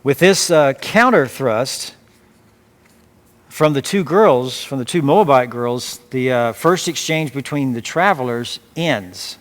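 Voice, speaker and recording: A man preaching as pastor, reading scripture aloud and explaining it phrase by phrase in a measured way. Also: medium pitch, lively intonation. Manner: measured, with frequent restarts and repeated words. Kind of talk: expository sermon.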